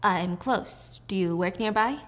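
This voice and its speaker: A woman reading the lines of a calm, cold-blooded female teacher near forty, sounding composed and cutting. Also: medium pitch, a little slow, natural voice. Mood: cool.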